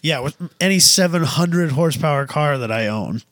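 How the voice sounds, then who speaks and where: Laid-back, somewhat high-voiced man rambling. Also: expressive, moderate pace, a bit bright, dry recording, clean studio sound. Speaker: podcast co-host. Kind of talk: casual chat.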